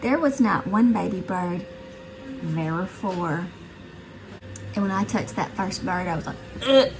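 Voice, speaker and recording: A woman's voice: fairly low pitch, a little slow, music in the background, low-quality recording. Chatty Southern woman telling a story. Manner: chatty, animated storyteller addressing viewers as guys. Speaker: vlogger. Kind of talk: casual vlog storytelling. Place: her house, indoors and out.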